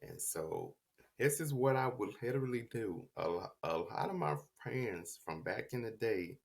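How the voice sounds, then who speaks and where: A man's voice: on the low side, lively intonation, moderate pace, creaky. A man telling his own story on a podcast in a reflective, confessional way, stuttering and restarting words as he goes. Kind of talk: personal storytelling.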